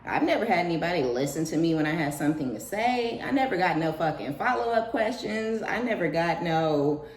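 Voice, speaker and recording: A tarot reader gives a casual spiritual reading in a profane, animated style, talking fairly quickly. She often laughs and jumps into high, mocking voices, and her speech has an echoey room sound.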